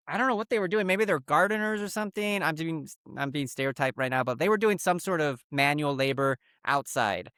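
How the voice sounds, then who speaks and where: A man co-hosting a comedy podcast, telling stories with lively acted-out quotes. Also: a little high, clear, resonant tone, no echo, studio quality. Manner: animated storyteller, acts out quoted people. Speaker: podcast co-host. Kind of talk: casual comedy podcast chat.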